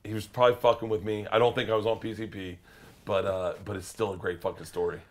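A man who is a stand-up comedian, telling a wild story in an interview, swearing freely and rising into loud, excited shouts. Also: on the low side, quick pace. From United States. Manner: profane, excitable, jumps into loud shouted bits when telling stories. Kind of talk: animated storytelling.

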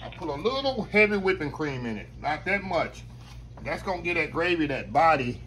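A man's voice: on the high side, very animated, moderate pace, sharp tone, slight background noise. A man hosting a casual cooking demonstration, folksy and talking straight to his viewers. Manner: folksy, talks straight to viewers, says y'all constantly. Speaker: cooking show host.

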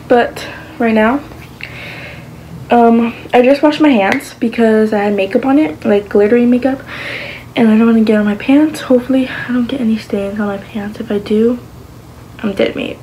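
A woman chatting casually to the camera as a vlogger, her voice sitting a little on the high side. She rambles, backtracks and fills gaps with "like" and "um". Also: fairly even intonation, normal speed, pauses often, warm tone, slight background noise, poor audio. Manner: rambling, with many fillers like "like" and "um".

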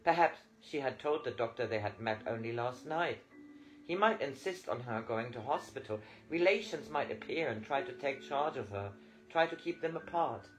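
Male audiobook narrator, lively pitch, reading a novel, faint guitar behind. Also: moderate pace, poor audio. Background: faint guitar music.

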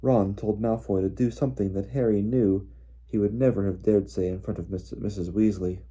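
Low, dark-voiced male storyteller. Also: steady tone, moderate pace, husky. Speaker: audiobook reader. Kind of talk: storybook narration.

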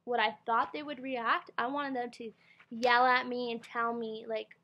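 A young woman with a slightly high voice rambles through a casual storytime into her computer's built-in mic. She talks loosely and keeps circling back with "like" and half-finished thoughts. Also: flat delivery, a little slow, muffled recording. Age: young adult. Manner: rambling, heavy use of "like", restarts. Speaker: vlogger telling her story.

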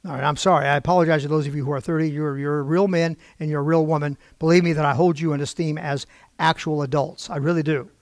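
A man's voice: fairly high pitch, fairly even intonation, quick pace, no room sound. An older man preaching in a storytelling style, acting out quoted voices with wry asides.

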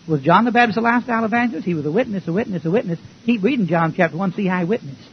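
Racing along in a high voice with lively intonation, a male pastor delivers a folksy, emphatic sermon and keeps tossing rhetorical questions to the congregation. Faint hiss runs through the dull, lo-fi recording.

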